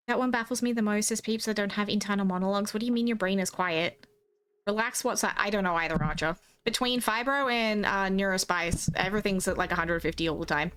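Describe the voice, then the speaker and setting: A young Australian woman chats loosely on a game stream, hopping between tangents and quoting the people around her. She swears freely and keeps a middle-pitched, easygoing voice. Faint music sits underneath her talk. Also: a bit bright. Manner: rambling, chatty, swears freely, quotes herself and others. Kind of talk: casual chat while gaming.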